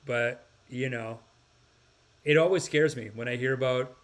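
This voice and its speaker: Speaking at a measured pace and medium pitch, this man hosts a podcast where he goes through viewer comments. He wanders off on tangents, sighs, restarts his sentences, and drops into impressions.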